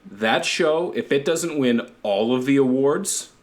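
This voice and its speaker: A man's voice: mid-range voice, lively intonation, unhurried. A man hosting a podcast, chatting casually, rambling, swearing freely and laughing often. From Canada. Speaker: podcast host. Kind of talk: casual chat.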